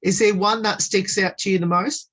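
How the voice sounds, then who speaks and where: A radio host asking interview questions over a video call, hesitant and full of "um" fillers, laughing often. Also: male voice, high voice, fairly even intonation, normal speed, fairly bright tone.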